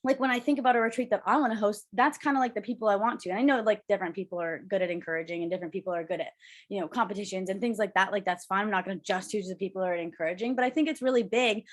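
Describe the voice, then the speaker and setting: Brief: young woman co-host, rapid chatty delivery, bubbly and rambling, video call. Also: mid-range voice. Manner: fast, bubbly, rambling with many "like"s. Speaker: podcast co-host. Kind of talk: casual chat.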